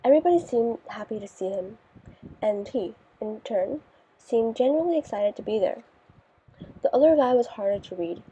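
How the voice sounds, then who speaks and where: A woman narrating a first-person audiobook in a wry, deadpan manner. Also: on the high side, moderate pace, a little hiss or hum. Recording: dull lo-fi recording.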